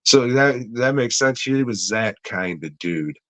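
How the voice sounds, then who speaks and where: A man's voice: medium pitch, animated, unhurried, fairly bright tone, no room sound. A man co-hosting a comedy podcast, chatting casually in a rambling, profane way with lots of fillers. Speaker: podcast co-host.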